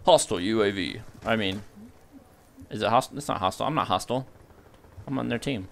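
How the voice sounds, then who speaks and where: A young man giving live gameplay commentary as a video host, excitable and yelping at sudden action. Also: lowish voice, quick pace, vocal fry, noisy background.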